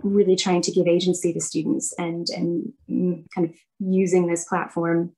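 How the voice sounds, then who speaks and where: A woman's voice: fairly low pitch, little pitch movement, moderate pace, dark tone, slightly rough, poor audio. A woman reporting back for her group in a webinar, speaking thoughtfully on a video call with some fillers. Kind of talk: casual spoken group report.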